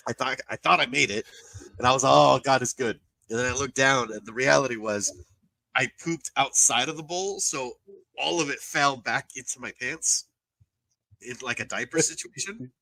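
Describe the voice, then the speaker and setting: A man on a podcast, telling a crude story in a loose, animated way. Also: medium pitch, moderate pace, creaky, dry recording, far from the mic, poor audio. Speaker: podcast co-host. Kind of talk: casual storytelling.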